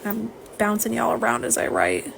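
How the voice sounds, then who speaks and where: A woman's voice: a little high, wildly swooping pitch, moderate pace, gravelly, fairly bright tone, a little hiss or hum. A woman hosting a live nail polish stream, talking casually and chattily to her viewers and answering their comments. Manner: chatty, talks straight to viewers as "y'all" and reads out chat comments.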